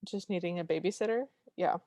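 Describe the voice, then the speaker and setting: A woman's voice: lowish voice, fairly quick, dark tone, no room sound, studio quality. Wry woman podcast co-host. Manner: wry, sardonic asides. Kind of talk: casual film recap chat.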